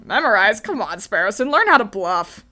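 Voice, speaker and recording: A woman voicing a stern male falcon defense attorney who speaks forcefully and briskly. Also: mid-range voice, very animated, soft background music.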